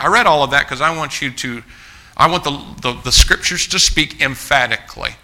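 In a church, a male pastor preaches to his congregation at a normal speed with a fairly high voice whose tone is very bright, tense and cutting. Emphatic and insistent, he repeats himself as he restarts phrases and keeps speaking directly to the room, calling out to the people there as folks.

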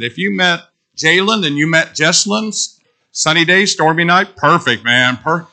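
A middle-aged man preaching a sermon, animated, breaking into whoops and joking asides. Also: on the high side, measured pace.

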